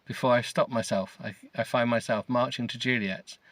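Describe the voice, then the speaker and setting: A man's voice: mid-range voice, steady tone, normal speed, fairly bright tone, no echo. Middle-aged man, podcast host, sarcastic comedic book reading, sweary, trips over words, dry close sound. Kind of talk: mocking comedic reading of a novel.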